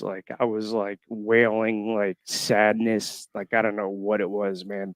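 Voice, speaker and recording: A man in his thirties from Florida, calling in to a show and haltingly telling a personal story full of fillers. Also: fairly low pitch, monotone, clean tone, no room sound. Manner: halting, emotional, many fillers. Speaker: caller. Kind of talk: casual storytelling. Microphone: call-in line.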